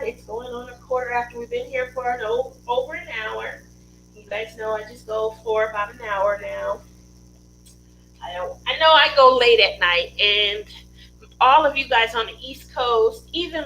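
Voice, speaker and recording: A woman's voice: on the high side, bright, forceful tone, a little hiss or hum, poor audio. A woman hosting a casual craft livestream from her home studio, chatty and rambling, laughing often.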